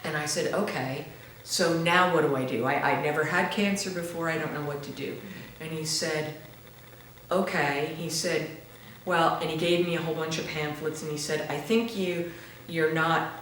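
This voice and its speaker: A woman giving a halting, earnest personal testimony in a church interview, often restarting her words. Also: deep voice. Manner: slow and earnest, turning tearful when moved. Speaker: interview guest. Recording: very echoey room with faint noise.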